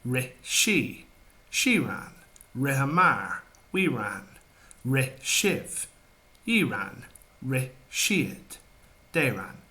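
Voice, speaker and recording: A man with an Irish accent teaching grammar, calmly drilling verb forms in careful repetitions. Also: medium pitch, very slow, pauses often. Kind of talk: instructional explanation.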